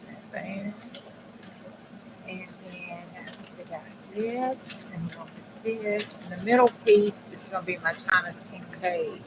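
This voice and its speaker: A woman's voice: on the low side, unhurried. A woman hosting a crafting video, chatting folksy and direct to her viewers as she works at a home craft table. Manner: folksy, chatty, talks straight to viewers with dialect phrasing. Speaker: crafting channel host. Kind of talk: casual crafting chat while working. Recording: steady background noise.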